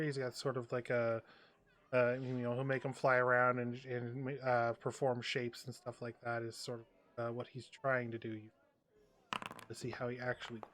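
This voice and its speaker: A man's voice: medium pitch, a bit bright. Guy gming a tabletop game, rambly, lots of uh and um. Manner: rambling with many fillers. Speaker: game master. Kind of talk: running a tabletop game online.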